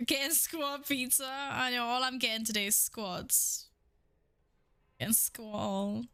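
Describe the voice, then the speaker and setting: A woman's voice: a little high, fairly even intonation, slow pace, pushed and bright, smooth, dry recording. A young woman streaming a game, chatting casually with her viewers, playful, swearing freely and laughing often. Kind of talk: casual live-stream chat.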